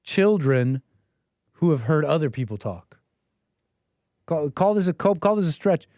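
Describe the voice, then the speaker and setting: A man's voice: a little high, sing-song, a little slow, a little mellow, no echo. A man hosting a call-in show, giving casual, mocking, incredulous commentary as he reacts to text he reads aloud. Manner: incredulous and mocking, with frequent chuckles.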